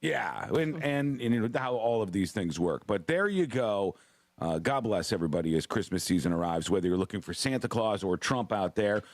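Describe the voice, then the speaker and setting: Radio host, man, playful wry banter, animated pitch; dry booth. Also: moderate pace, dry recording. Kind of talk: casual radio talk show banter.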